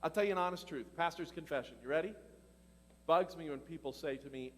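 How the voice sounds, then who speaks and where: Animated high-voiced male pastor preaching. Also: brisk, big-room sound. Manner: animated, conversational preaching with laughs and questions to the congregation. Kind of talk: sermon. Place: church hall.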